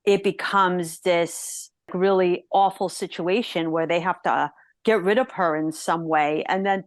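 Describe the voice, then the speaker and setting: A woman co-hosting a film podcast in casual conversation, animatedly acting out characters' thoughts in quick asides. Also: on the low side, steady tone, no room sound. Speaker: podcast co-host.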